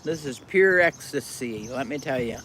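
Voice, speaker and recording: A woman's voice: rumbling low, expressive, normal speed, fairly bright tone, slight background noise. An older woman hosting a live stream, chatting casually with viewers in a blunt, folksy way while she eats.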